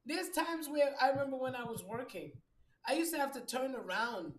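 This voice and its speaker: A woman hosting a casual spiritual chat, with a strong low voice, talking loud and profane. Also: animated, moderate pace, far from the mic. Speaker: host.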